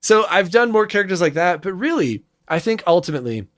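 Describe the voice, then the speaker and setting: A man, a voice actor, talking casually in an interview, chatty and self-deprecating, with quick asides. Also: high voice, big pitch swings, fairly bright tone, a little hiss or hum. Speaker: voice actor guest. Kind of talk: casual chat.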